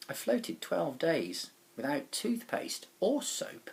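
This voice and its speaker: A man reads a rhyming children's storybook aloud, his pitch bouncing up and down in a lively sing-song. His voice has a gravelly edge. He tells the story dramatically, sometimes booming and sometimes hushed, like a teacher reading to his class. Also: slow, a little hiss or hum. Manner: expressive, dramatic storytelling with swings from loud to hushed. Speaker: primary school teacher.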